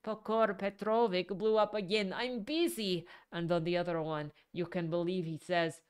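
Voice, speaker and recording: A woman voicing a hysterical young female secretary, shrill, tearful and frantic, in a storybook reading. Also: fairly even intonation, moderate pace, smooth, natural voice. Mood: agitated.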